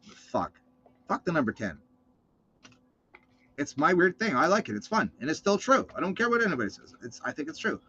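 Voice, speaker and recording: A man's voice: sits high, quick pace, hardly any pauses, husky. A man hosting his own show in a casual, profane monologue, ranting and swearing as he tells stories, cold and muffled on a slightly dull recording. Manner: ranting, swearing, animated storytelling. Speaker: show host.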